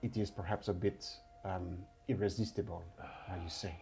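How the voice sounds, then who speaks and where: A man voicing a polite, older male cat-person scholar who speaks softly and formally, dropping in French words. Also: sits low, steady tone, moderate pace, gravelly, over music, voice pushed down. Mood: courteous. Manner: soft formal speech with French phrases.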